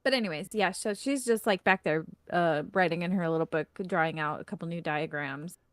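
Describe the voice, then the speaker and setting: A woman's voice: lowish voice, a little fast, dry recording, studio quality. A woman narrating as game master, in a loose casual manner with lots of fillers.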